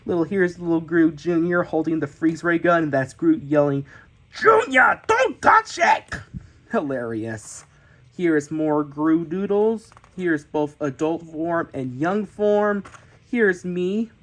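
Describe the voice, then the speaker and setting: A man, an amateur cartoonist, narrating a casual tour of his sketchbook with excited gasps and cheers, often restarting his sentences. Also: fairly high pitch, measured pace, rough recording.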